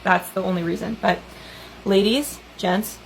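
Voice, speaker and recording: A woman talks through a casual vlog in a hesitant, filler-heavy way. Her voice has a gravelly, creaky edge. A faint hiss sits behind it. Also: medium pitch, steady tone, measured pace, rough recording. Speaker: vlogger.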